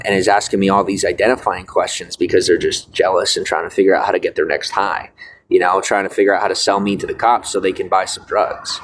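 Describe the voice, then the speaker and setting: A man's voice: low-pitched, a little hiss or hum, poor audio. A young man talking to viewers in a rambling monologue, full of fillers and restarts, preachy and defiant.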